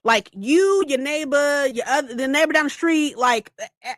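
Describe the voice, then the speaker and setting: A young woman from California talks to her stream in a casual, animated rant, her high, bright voice swinging up and down a lot. She swears freely and keeps laughing. The sound is dry and close, with no room around it. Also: moderate pace, no echo. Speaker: streamer hosting reading sprints. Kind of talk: casual livestream chat.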